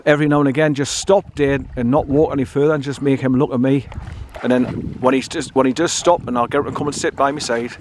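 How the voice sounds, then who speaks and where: An older man chats into a handheld phone outdoors, rambling from one thought to the next. He is blunt and homely, often restarting or repeating words, at an ordinary middle pitch. A faint hiss sits under the outdoor sound. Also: darkish tone. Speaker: dog owner vlogger. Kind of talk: casual rambling walk-and-talk. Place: outdoors by a stream and bridge.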